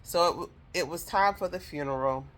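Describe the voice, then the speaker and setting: A woman's voice: on the low side, brisk. A woman telling viewers a personal story in an emotional, heartfelt way, speaking straight to them. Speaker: vlogger telling her own story.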